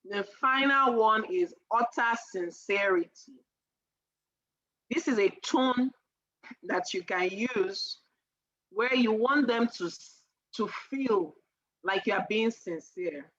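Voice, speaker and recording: A woman teaching persuasion on a casual live stream, animated and laughing often as she acts out sales lines. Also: a little high, takes it slowly, muffled recording.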